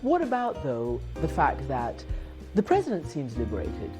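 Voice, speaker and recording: A woman interviewing a politician on television, asking measured, probing questions. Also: low-pitched, wildly swooping pitch, music in the background.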